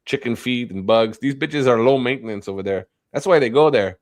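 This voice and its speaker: A man's voice: medium pitch, a little fast, dry recording. A man ranting and trash-talking in a crude, profane casual stream chat. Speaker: stream guest. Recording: dry close mic.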